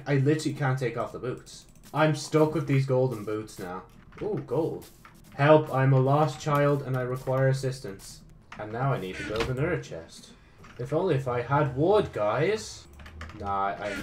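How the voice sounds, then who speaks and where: An excitable man narrates his own gameplay in a loose, casual way, swearing freely and answering his own questions. His voice sits at an ordinary middle pitch for a man. A faint hiss runs underneath. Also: normal speed. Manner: excitable, swears often, talks to himself. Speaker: gaming channel host.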